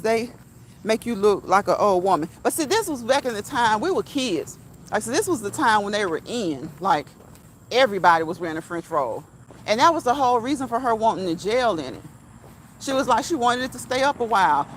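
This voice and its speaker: A woman's voice: fairly high pitch, a little hiss or hum, low-quality recording. A woman talking casually to her viewers while out on a walk, stressing her points by repeating them. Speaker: vlogger. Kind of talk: casual walk-and-talk monologue. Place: outdoors while walking.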